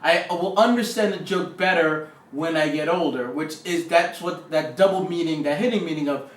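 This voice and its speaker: Brief: male film-review co-host, high voice, rambling and animated, distant echoey room. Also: normal speed. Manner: rambling, animated, acts out lines. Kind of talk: casual chat. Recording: roomy sound from a distant mic.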